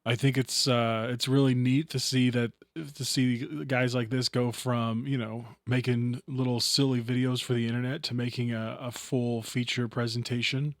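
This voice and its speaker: Man, podcast co-host, casual joking chat, mid-pitched voice, dry close mic. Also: little pitch movement, normal speed, hardly any pauses, no echo. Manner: laid-back, chatty, joking.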